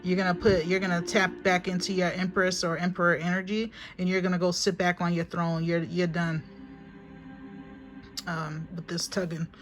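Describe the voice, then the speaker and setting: A woman's voice: lowish voice, flat delivery, normal speed, faint music behind. A woman giving a casual spiritual reading to a phone, chatty and emphatic, repeating herself and calling viewers honey. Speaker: spiritual reader.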